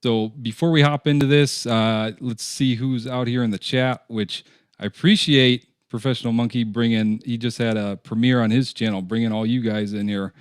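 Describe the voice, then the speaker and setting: A man's voice: mid-range voice, steady tone, normal speed, smooth, no echo, studio quality. A man hosting a casual live-stream interview, greeting the chat and asking questions in an easygoing way. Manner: easygoing, reads chat names aloud. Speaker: host.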